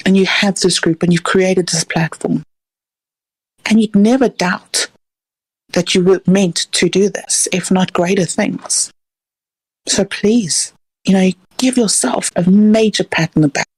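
Woman caller, husky, lowish voice, dry sound, earnest, gushing. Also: a little slow, no room sound. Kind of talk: heartfelt call-in tribute.

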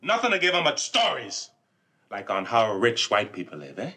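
A man's voice: medium pitch, wildly swooping pitch, normal speed, sharp tone, husky, full character voice. An actor playing a frustrated grown man pleading with his wife, bitter, with a light island lilt, on an old film soundtrack. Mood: weary. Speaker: film actor in a dramatic scene.

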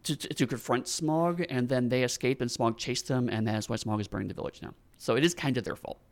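A man's voice: mid-range voice, a little fast. A man co-hosting a casual movie commentary podcast, explaining the plot with sardonic jokes. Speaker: podcast co-host.

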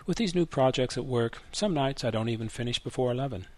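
A man's voice: mid-range voice, expressive, fast, no echo, pitched above the performer's own voice, lightly acted. A man reading a short story, voicing a weary grown grandson who answers in a tight, defensive way. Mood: evasive.

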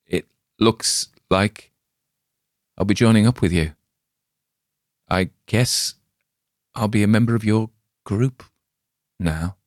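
A man's voice: low voice, moderate pace, darkish tone, dry recording, clean studio sound, close to an everyday voice. A man voicing a badly injured man, panicked and accusing, with a raised, strained, pleading delivery. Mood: resigned.

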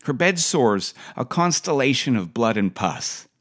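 A man's voice: mid-range voice, sing-song, a little slow. A middle-aged man reading his own personal essay for a podcast in a dry, wry storytelling manner.

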